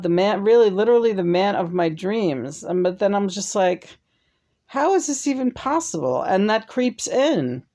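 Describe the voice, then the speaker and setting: A woman's voice: fairly low pitch, warm tone. A woman vlogger in casual chat, rambling and self-doubting and swearing freely. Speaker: vlogger speaking with spirits.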